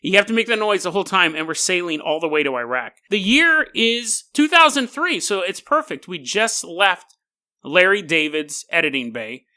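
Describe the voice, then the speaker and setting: A high-pitched, very lively male podcast host with a sharp, bright tone. He rambles through strange stories with jokes and silly sound effects, often stumbling and correcting himself. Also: moderate pace. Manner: frequent self-corrections and laughter. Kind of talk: casual comedic storytelling.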